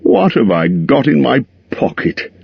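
A small, nervous hobbit speaks in a raised, strained voice, forcing a bold tone, as a man voices him for an audiobook. The voice is husky, and the recording sounds dry and a little muffled. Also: medium pitch, sing-song, unhurried, dry recording, voice pushed up, heavily acted. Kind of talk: audiobook character voice.

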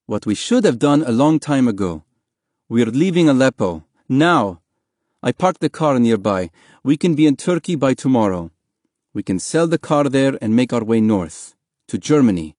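A man's voice: medium pitch, sing-song, moderate pace, a little mellow, no echo, clean studio sound. A man voicing a determined father leading his family, firm and urgent, in a storybook reading.

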